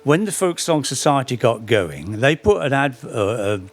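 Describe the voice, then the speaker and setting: Lively middle-aged man telling stories. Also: mid-range voice, normal speed. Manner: lively storyteller with dry humour and self-corrections. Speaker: speaker giving a public talk. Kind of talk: anecdotal lecture on local folk history.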